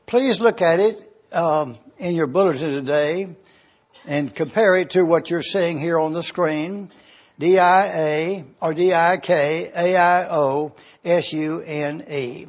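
A man preaching a sermon to a congregation, teaching slowly and deliberately and spelling out Greek words letter by letter. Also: a little high, lo-fi sound. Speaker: pastor.

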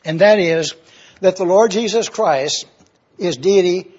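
A man preaching a teaching sermon, slow and deliberate, repeating key words and often clearing his throat. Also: high-pitched, darkish tone. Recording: dull lo-fi recording.

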